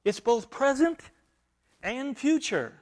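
A man preaching a verse-by-verse sermon, explaining grammar and repeating phrases for emphasis, swinging between loud stressed words and quiet, low asides. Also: sing-song, takes it slowly. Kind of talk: expository sermon.

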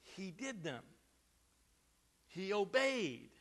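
A man preaching a sermon, emphatic, with repeated words and loud stressed phrases. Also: sits high, sing-song, extremely slow.

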